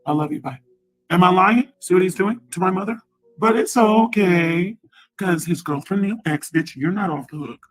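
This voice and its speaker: A woman's voice: lowish voice, fairly quick, a crowd in the background, low-quality recording. A woman livestreaming a heated, profane rant who also pleads with her mother on the phone.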